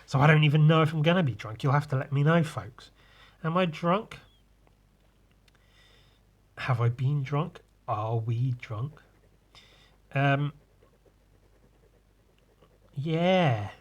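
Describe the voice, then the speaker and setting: Speaking slowly with long pauses in a slightly high voice, a tipsy man hosts a solo podcast, and the recording's high frequencies are cut off. His casual monologue rambles, often fading out before he picks it back up.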